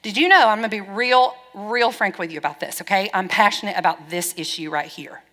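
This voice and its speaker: A middle-aged woman pastor preaching a sermon, frank and lively, acting out bits of dialogue as she goes. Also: medium pitch, fairly quick. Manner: lively, frank, wry storytelling with quoted dialogue. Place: church hall. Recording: long church-hall reverb.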